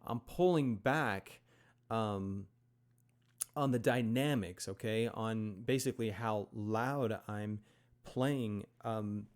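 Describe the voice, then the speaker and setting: A man's voice: fairly low pitch, slow. Man teaching piano, counting beats aloud. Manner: relaxed, with many fillers and check-ins. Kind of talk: casual instruction. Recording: loud piano alongside the voice. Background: piano playing.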